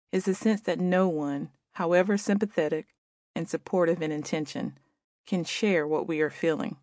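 A woman in her forties, the author, reading her own audiobook aloud in a gentle, reflective way. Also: fairly low pitch, no room sound, studio quality. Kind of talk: audiobook narration.

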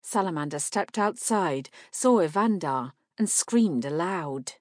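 A woman reading a fantasy novel aloud in steady, measured scripted narration. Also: on the low side, no room sound, clean studio sound. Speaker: audiobook narrator.

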